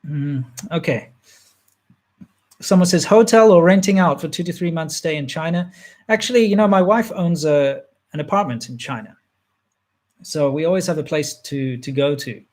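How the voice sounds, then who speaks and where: A man in his thirties talks loosely through a list of viewer questions, trailing off and restarting as he goes. His voice sits a touch on the higher side, and the whole thing has an easygoing, unscripted feel. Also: moderate pace. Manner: relaxed, rambling, frequent fillers and restarts. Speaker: channel host answering viewer questions. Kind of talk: casual livestream Q&A chat.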